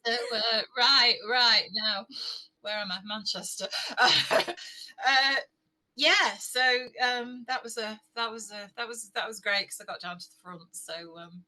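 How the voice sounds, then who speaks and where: A woman's voice: a little high, a little slow, pushed and bright, low-quality recording. A middle-aged woman, a guest on an interview, chatting casually and telling stories. She laughs often and acts out what people said. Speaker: interview guest, fanfiction author.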